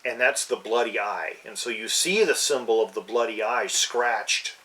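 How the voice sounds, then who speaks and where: A man's voice: lowish voice, moderate pace, sharp tone, far from the mic, rough recording. A man co-hosting a casual podcast chat, easygoing and agreeable, chiming in and summing things up. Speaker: player and co-host.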